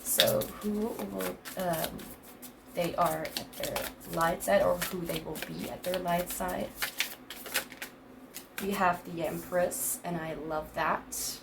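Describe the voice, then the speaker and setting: A woman's voice: fairly low pitch, fairly even intonation, slow pace, vocal fry, background noise. A woman in her twenties giving a casual tarot reading, rambling and hesitant with many fillers and restarts, laughing often between thoughts. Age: 20s. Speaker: tarot reader.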